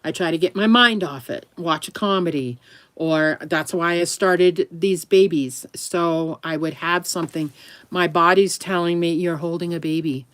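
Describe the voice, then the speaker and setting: She speaks a little slowly in a lowish voice with a fairly bright tone, on a dry recording. The vlogger's chat to camera is loose and chatty, full of laughter and affectionate asides to her dog.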